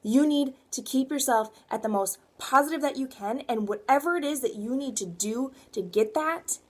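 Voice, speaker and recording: A young woman coaching her viewers in a motivational vlog. Her voice sits a little high, and she talks earnestly, wandering and circling back, then pressing her points with emphasis. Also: moderate pace. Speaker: fitness coach.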